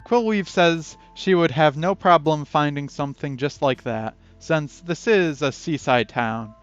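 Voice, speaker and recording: A man's voice: on the high side, unhurried, no room sound. A man reading a text game aloud in a casual playthrough, chatty and breaking off to add his own comments. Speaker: game player and narrator. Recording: dull lo-fi audio with faint music.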